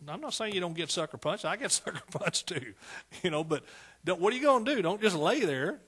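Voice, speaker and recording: A man's voice: sits high, animated, brisk, fairly bright tone, breathy edge. A man preaching a fervent sermon, calling out to his congregation.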